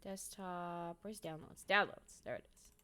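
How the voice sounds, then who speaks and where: A woman streamer chatting casually and swearing often, muttering to herself between excited bursts. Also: lowish voice, a little slow. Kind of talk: casual vlog chat while sorting photos.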